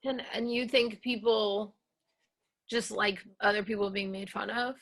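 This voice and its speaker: Bright-voiced hesitant woman comic. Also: mid-range voice, fairly even intonation, unhurried. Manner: hesitant, frequent ums. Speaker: comedian guest. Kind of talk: deadpan stand-up set and improv banter.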